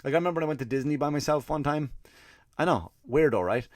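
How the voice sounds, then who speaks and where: An Irish comedian hosting his podcast rants through a comic story, profane and exasperated, acting out the people involved. His voice is a little high and a little mellow, he talks fast, and there's no room sound.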